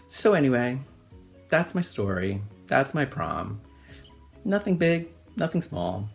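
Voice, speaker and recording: A middle-aged American man hosts a personal storytelling monologue, rambling and self-mocking, leaning on fillers as he goes. His voice sits at an ordinary male pitch but swings wildly up and down with animation. Soft music plays faintly behind him. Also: sing-song, slow, gravelly. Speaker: host.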